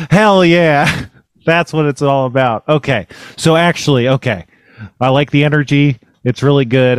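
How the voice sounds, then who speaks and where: Male podcast host, dry deadpan delivery, mid-range voice, close dry mic. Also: medium pitch, dry recording. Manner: deadpan, self-mocking and rambling. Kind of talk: casual comedic podcast chat.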